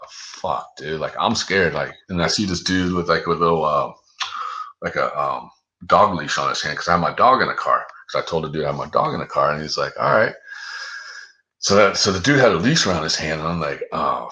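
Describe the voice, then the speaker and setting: Deep-voiced man telling a story. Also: bright, forceful tone, highs cut off. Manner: loose and profane, peppered with 'dude' and 'like'. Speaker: guest. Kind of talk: casual storytelling.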